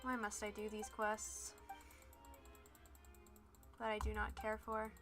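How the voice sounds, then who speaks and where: A woman's voice: medium pitch, steady tone, unhurried, pauses often, pushed and bright, faint music behind. A young woman streaming a video game, ranting in exasperation with sudden outbursts. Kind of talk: gameplay commentary.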